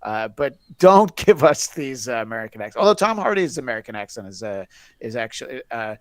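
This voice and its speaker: A man's voice: mid-range voice, sing-song, brisk, no echo. A man hosts a podcast in easy, rambling chat, slipping sarcastic jokes into his asides. His voice sits in an ordinary middle range. It is recorded close and dry, with no room sound. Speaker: podcast host. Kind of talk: casual chat.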